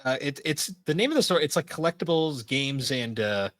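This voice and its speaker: A man's voice: a little high, animated, fairly quick, a bit bright, no room sound. A young adult man co-hosting a podcast in casual chat, rambling and swearing freely. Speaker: podcast co-host.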